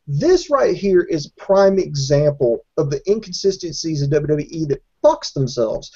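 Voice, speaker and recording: A man's voice: fairly high pitch, big pitch swings, normal speed, warm tone, slightly rough, muffled recording. A man co-hosting a casual wrestling podcast who rambles and swears with sarcastic asides. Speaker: podcast co-host.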